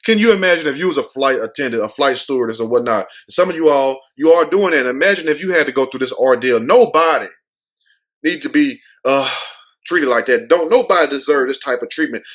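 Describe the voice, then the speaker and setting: A man's voice: mid-range voice, animated, brisk, a bit bright. A man giving brash, profane, joking commentary on a news story as the host of his own show.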